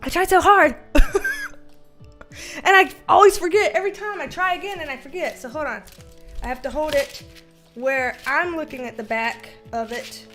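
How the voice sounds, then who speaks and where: High-voiced giggly woman streaming. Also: moderate pace, long pauses, soft background music. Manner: giggly, chatty, easily excited. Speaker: livestream host reading chat. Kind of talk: casual livestream chat.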